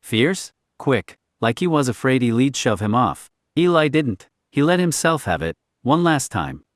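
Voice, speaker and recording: A man reading a story aloud in a quiet, clipped, understated way. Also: medium pitch, very animated, unhurried, no echo, studio quality. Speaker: narrator. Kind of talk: scripted story narration.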